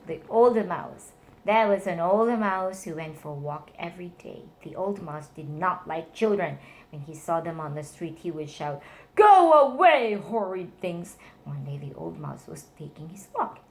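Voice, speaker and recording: A woman reading children's storybook tales aloud to her nephew, voicing the characters with high squeals. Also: moderate pace, a little mellow.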